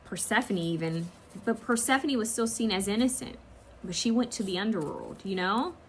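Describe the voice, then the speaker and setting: A woman's voice: mid-range voice, animated, moderate pace, slight background noise. A woman giving a casual pick-a-card tarot reading, chatty and rambling with slangy asides.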